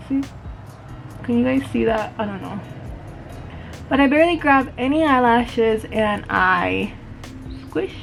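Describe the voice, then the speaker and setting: Young woman, chatty code-switcher, bright high voice, light music bed. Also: takes it slowly, gravelly, pauses often. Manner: chatty, switching between English and Spanish mid-sentence. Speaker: beauty vlogger. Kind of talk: casual get-ready-with-me chat.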